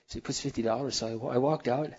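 A middle-aged man telling heartfelt stories in a sermon, earnest, dropping to a hush and then rising loud for emphasis. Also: mid-range voice, fairly even intonation, fast, slightly rough, highs cut off. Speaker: speaker.

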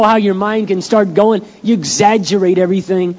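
A middle-aged man preaches to a congregation in a candid, talky style, dropping to quiet asides and rising to loud outbursts. His voice sits a little high. The sound is dull and lo-fi, with a long reverb from a large church hall. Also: steady tone, moderate pace. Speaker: pastor. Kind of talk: sermon.

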